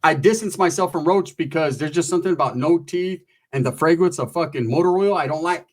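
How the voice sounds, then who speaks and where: Brief: middle-aged male comic, husky and a bit high-pitched, loose and profane, slips into characters mid-story. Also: a little fast. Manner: profane, animated, acts out quoted voices. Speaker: comedian storyteller. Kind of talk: stand-up storytelling.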